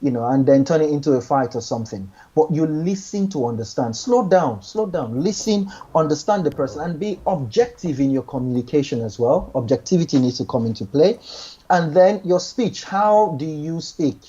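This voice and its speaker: A man talking through relationship advice in an earnest, meandering way, doubling back over his own words. His voice is husky and mellow, and the recording sounds dull and lo-fi. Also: fairly high pitch, animated, moderate pace. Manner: earnest, repeats words, many restarts and "you know". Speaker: guest giving relationship advice. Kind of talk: casual advice chat.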